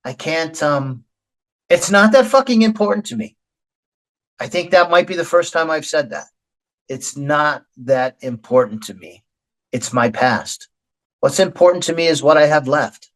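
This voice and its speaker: A man's voice: a little high, expressive, measured pace, low-quality recording. An older man hosting a podcast, talking bluntly and openly with frequent swearing. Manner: blunt, profane, emotionally open. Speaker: podcast host. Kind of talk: candid podcast conversation.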